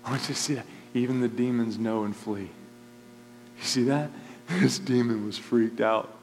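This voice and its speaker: A man preaching a sermon as pastor, emphatic and repetitive, swinging between loud and soft. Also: mid-range voice, fairly even intonation, moderate pace, in a large hall, a little hiss or hum.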